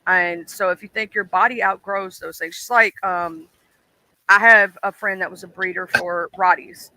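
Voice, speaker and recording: This stream host has a high-sitting voice with a steady, sharp tone at normal speed. He chats casually and rambles, saying um and "you know" a lot, laughing and acting out voices while recounting his childhood. The recording is dry and low quality.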